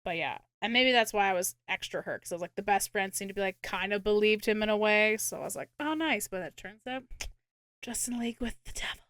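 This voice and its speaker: A woman's voice: medium pitch, fast, fairly bright tone, smooth, no room sound. A young woman co-hosting a podcast, recapping a film in casual chat, swearing and acting out characters' lines. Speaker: podcast co-host.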